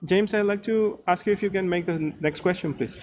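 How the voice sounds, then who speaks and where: A man's voice: high-pitched, fairly quick, slight background noise, rough recording. A man interviewing a guest, summing up her points in a hesitant, thoughtful way with lots of fillers. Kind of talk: academic interview, summarizing points.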